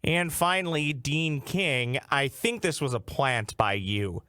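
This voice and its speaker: A man's voice: medium pitch, expressive, takes it slowly, pushed and bright, clear, resonant tone, no room sound, studio quality. A man hosting a sports podcast, joking with his guest and signing off in an upbeat way. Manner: jokey, upbeat sign-offs. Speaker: podcast host.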